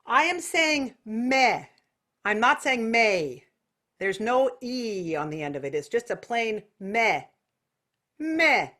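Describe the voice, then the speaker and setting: An American woman teaching an online singing lesson, explaining technique and breaking into loud nasal vocal exercises. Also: on the high side, lively intonation, slow pace. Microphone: video call.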